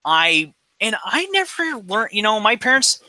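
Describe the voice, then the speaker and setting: A man's voice: high voice, big pitch swings, unhurried, bright, forceful tone, no echo, low-quality recording. A man in his forties in casual podcast chat, ranting bluntly with lots of swearing. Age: 40s. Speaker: podcast co-host.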